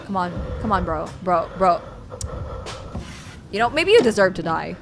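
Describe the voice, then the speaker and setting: A woman's voice: fairly low pitch, very animated, moderate pace, creaky, background noise. A woman streamer reacting live to scary videos, swearing and pleading with the screen. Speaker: VTuber streamer.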